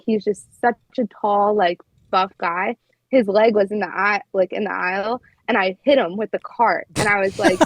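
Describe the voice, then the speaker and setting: A woman's voice: medium pitch, no room sound, dull audio. A young woman, a flight attendant, telling stories in a casual podcast chat and filling her talk with "like". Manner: chatty, heavy use of "like".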